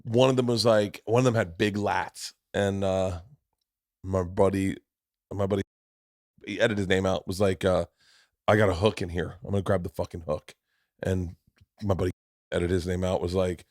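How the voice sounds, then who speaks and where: A man hosting a podcast, telling a story in a loud, profane, animated way and acting out the voices in it. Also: low-pitched, moderate pace, pauses often, no echo, studio quality. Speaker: podcast host. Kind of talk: casual storytelling chat.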